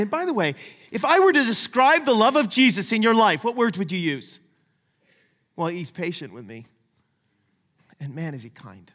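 A middle-aged man preaching a sermon as a pastor, lively and conversational, playfully acting out the voices he quotes. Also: very high voice. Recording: long reverb of a large hall.

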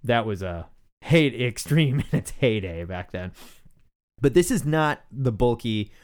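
A man's voice: mid-range voice, animated, a little slow. A man co-hosting a casual comics podcast, laughing often and telling stories with animation. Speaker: podcast co-host.

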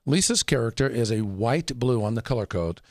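Emphatic coach guy chatting, lively ups and downs, dry close sound. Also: mid-range voice, fairly quick, no room sound. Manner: emphatic, laughs often. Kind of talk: casual chat.

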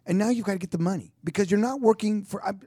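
A man's voice: high-pitched, racing, mellow, breathy edge, no echo, clean studio sound. A man co-hosting a business talk show, a doctor who chats casually and drops teasing one-liners. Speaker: co-host, doctor.

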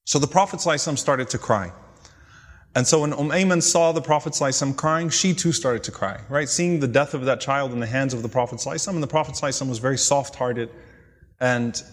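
A man giving a storytelling religious lecture, explaining in an earnest way with pauses and restarts. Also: mid-range voice. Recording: long hall reverb.

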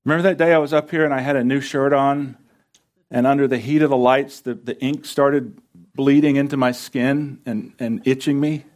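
Standing under the lights of a church stage, a pastor delivers an earnest sermon, using repetition to build emphasis. His voice is mid-range, steady, and somewhat dark, at a moderate pace.

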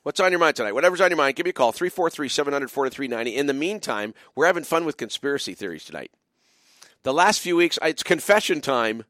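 A middle-aged man hosts late-night call-in radio with a lively, up-and-down delivery and a slightly raised pitch. He rambles chattily, restarting sentences and tossing in playful asides. The sound is dry and close. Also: fast talker, dry recording. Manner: playful, mock-drawling asides. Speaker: radio call-in host and biker church pastor.

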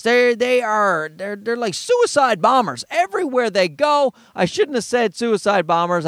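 A man's voice: a bit bright, no room sound. A man in his thirties telling rambling, profane stories in a casual monologue, acting out the people he quotes. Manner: profane, rambling storyteller who acts out quoted people in a high voice.

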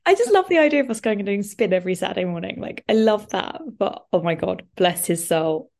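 A young woman tells a story in a relaxed podcast chat. Her mid-pitched voice has a gravelly, fry-tinged texture. She talks in an animated, rambling way, full of "like" and little asides. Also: a little fast. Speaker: podcast co-host. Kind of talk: casual chat.

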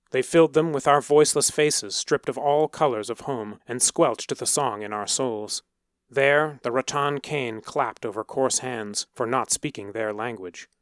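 Dry, measured male storyteller. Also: mid-range voice, dry recording. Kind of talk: scripted narration.

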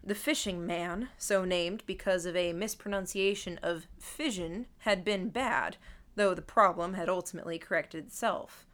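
A woman's voice: fairly low pitch, moderate pace, a bit bright. Wry woman narrating an audiobook. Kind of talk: first-person audiobook narration.

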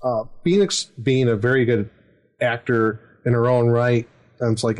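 A man's voice: mid-range voice, unhurried, a little mellow. A middle-aged man, a dungeon master, telling a story in casual chat, rambling with fillers and chuckles. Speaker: dungeon master, podcast host.

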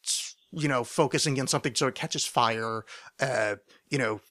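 A man's voice: mid-range voice, moderate pace, bright, forceful tone. A man hosting a solo podcast, rambling in a loose monologue with many fillers, restarts and frequent swearing. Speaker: podcast host.

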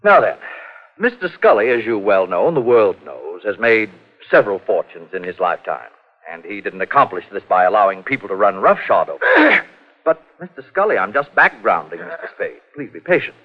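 A man's voice: fairly low pitch, sing-song, fairly quick. An actor playing a pompous, fussy male physician who talks at length, hemming and coughing, in 1940s radio acting. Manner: pompous, long-winded, hemming with uhs and coughs. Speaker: doctor. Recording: muffled 1940s radio broadcast.

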